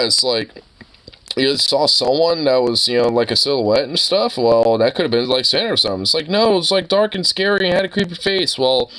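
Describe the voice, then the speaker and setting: A man's voice: mid-range voice, sharp tone, poor audio. A young man at home chatting to his dog while brushing it, teasing and playful with crude swearing. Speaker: dog owner vlogger.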